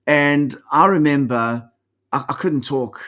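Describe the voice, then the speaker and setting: A man's voice: medium pitch, slow. A middle-aged man speaks in a mid-range voice as a guest in a conversational interview. He tells stories animatedly and slips into the voices of the people in them. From South Africa. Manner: animated storyteller, acts out quoted dialogue. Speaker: executive coach guest.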